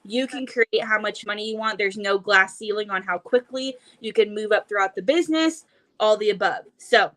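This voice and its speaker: A young woman on a video call at home, out of breath and talking fast and excitedly. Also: mid-range voice. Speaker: host of a live sales event. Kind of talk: casual live video chat.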